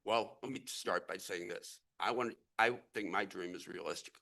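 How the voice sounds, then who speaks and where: A man's voice: deep voice, normal speed, gravelly, bright, forceful tone. A middle-aged man who grew up in the St. Louis area, giving an impassioned, rambling speech as a real estate investor at a city council meeting. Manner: earnest, rambling, repeats and restarts words.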